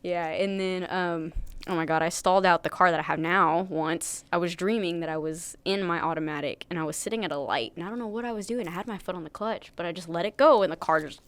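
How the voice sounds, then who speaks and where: A young woman guest on a podcast, telling stories in a jokey, animated way. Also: fairly low pitch, fast, clear, resonant tone, no room sound. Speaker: guest musician. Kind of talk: casual interview chat.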